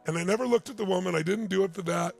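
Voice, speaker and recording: A man's voice: high voice, rapid-fire, faint music behind. A man in his sixties, a motivational speaker telling a story in a keynote talk, emphatic and building to urgent appeals. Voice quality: gravelly.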